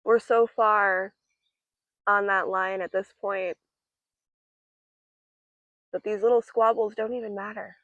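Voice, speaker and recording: Young woman, tarot reader, casual chat, playful, giggly, medium pitch, dry close sound. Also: steady tone, slow pace, pauses often, a bit bright, no room sound, dull audio. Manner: chatty and playful, with lots of fillers and giggles. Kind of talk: casual tarot reading monologue.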